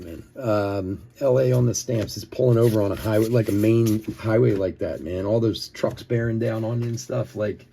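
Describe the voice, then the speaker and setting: Opening cards on his live break stream, a Philly-area host rambles through a story, peppering it with "like" and frequent chuckles. His voice sits in the mid-range, creaky, mellow, and husky.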